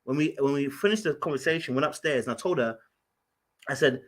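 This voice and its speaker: A man from Ghana, telling an animated story in casual podcast chat, full of fillers and restarts. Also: mid-range voice, fairly quick. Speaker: podcast guest.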